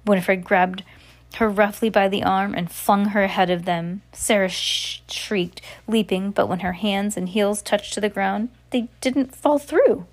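A woman reading a novel aloud, narrating at a steady pace with occasional slips and restarts. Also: mid-range voice, unhurried. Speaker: reader.

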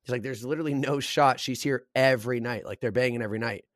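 A man's voice: medium pitch, fast talker, no echo, clean studio sound. A young man co-hosting a podcast in casual chat, telling stories bluntly and with lots of swearing. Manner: blunt, profane, animated storyteller. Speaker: podcast co-host.

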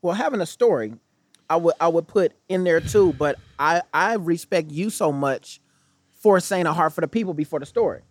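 A man co-hosting a casual podcast, chiming in with laid-back slang and quick affirmations. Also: fairly high pitch, no echo.

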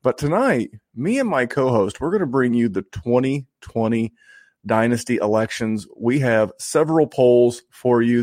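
A chatty man from Indiana opens his fantasy football podcast, joking and restarting his sentences as he goes. His voice sits at a middle pitch. It is recorded close and dry, with no room sound. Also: lively intonation, normal speed, a little mellow, no echo. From Indiana, USA. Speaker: podcast host. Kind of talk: casual podcast intro.

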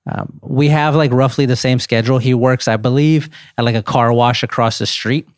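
A man in his thirties, a podcast guest, telling a casual story with animated rises into disbelief. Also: mid-range voice, moderate pace, clear, resonant tone, dry recording, studio quality.

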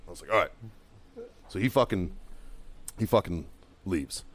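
A middle-aged man and former Marine telling a heated, heavily profane story on a podcast, now and then yelling as he acts out what was said. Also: deep voice, brisk, pauses often. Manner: bursts into loud yelling while acting out quotes. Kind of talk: casual chat, storytelling.

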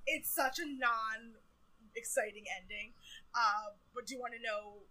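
A woman with a bright, forward voice tells a story in relaxed conversation. She swears offhandedly and keeps the chat flowing. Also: on the high side, measured pace, poor audio. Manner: chatty storytelling, swears casually. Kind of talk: casual chat recapping a TV moment.

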